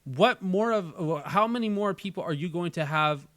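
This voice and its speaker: A man's voice: high voice, lively intonation, normal speed, a bit bright, dry recording. A man hosting a casual chat, talking earnestly and repeating phrases as he works through his thoughts. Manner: earnest, repeats phrases while thinking aloud. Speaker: channel host.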